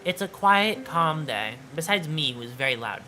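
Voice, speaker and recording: A woman streamer chatting casually on a livestream, quiet and soft-spoken, playful, with halting restarts, at a home desk mic. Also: sits low, expressive, music in the background. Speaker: VTuber streamer. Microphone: desk microphone.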